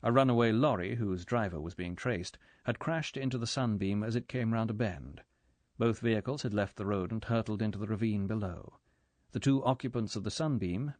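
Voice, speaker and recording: A man reading an audiobook in measured, even scripted narration. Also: on the low side, no room sound.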